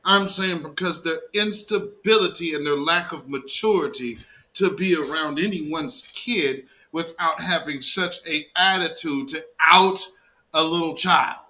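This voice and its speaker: A man's voice: on the high side, unhurried, bright, forceful tone. A man hosting a livestream, reacting to a clip with an emphatic, indignant rant full of slang. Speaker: commentary show host.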